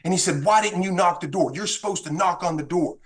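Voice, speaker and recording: A man's voice: sits high, fast talker. A man from Texas, a guest on a podcast, telling a story with feeling and acting out what was said. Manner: animated, acts out dialogue in the story. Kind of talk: casual storytelling.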